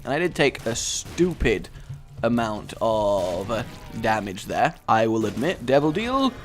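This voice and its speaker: Lively chatty male gamer. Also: mid-range voice. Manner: chatty and rambling, bursts into excited shouts. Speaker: gaming channel host. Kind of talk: let's play commentary.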